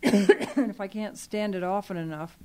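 A woman's voice: medium pitch, normal speed, a little mellow, smooth. A woman talking through an issue at a group meeting, earnest and explanatory, with many fillers. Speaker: library program staff speaking to a user group. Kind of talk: meeting discussion.

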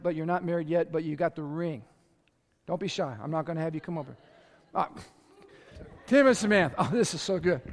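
A man preaching a lively, storytelling sermon and talking straight to his congregation in a large church. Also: sits high. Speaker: pastor. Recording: long reverb of a large hall.

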